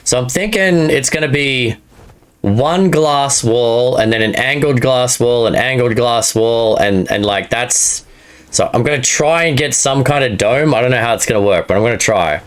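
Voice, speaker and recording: A man's voice: medium pitch, moderate pace. A man streaming a game live, chatting casually to his viewers and laughing at his own jokes. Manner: chatty, talks to chat and viewers by name. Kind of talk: live gameplay stream chat.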